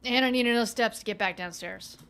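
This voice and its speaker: Young female game streamer with a slightly raised pitch, chatty and playful, talking to chat while she plays. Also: fairly quick, a bit bright. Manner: chatty and playful, thinking aloud, teasing back at chat. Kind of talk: casual gameplay commentary to a live chat.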